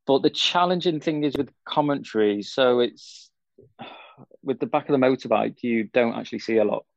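A man's voice: mid-range voice, moderate pace, vocal fry, no echo, highs cut off. A young man, talking easygoing and rambling as a guest in a casual interview. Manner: easygoing, rambling, frequent fillers. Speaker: cycling pundit guest.

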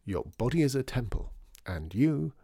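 A man voicing a cheerful, smooth-talking, disgraced male former store owner who speaks low and unhurried. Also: sing-song, mellow, no echo, clean studio sound, exaggerated voice. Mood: relishing.

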